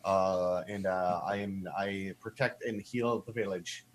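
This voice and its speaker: Thirties guy, low voice, loose and sweary guest on a podcast. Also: steady tone, unhurried, slight background noise. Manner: loose and profane, with many fillers. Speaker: guest streamer. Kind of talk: casual podcast chat.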